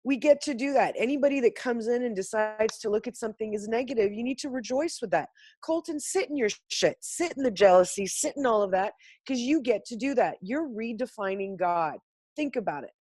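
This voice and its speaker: A woman speaks to a spiritual group over a video call, her voice sitting fairly high. She is blunt and emphatic and swears without a second thought. The sound is dry and close, with no room around it. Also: animated, brisk, darkish tone, husky, no room sound. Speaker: class participant sharing insights. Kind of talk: impassioned spiritual group talk.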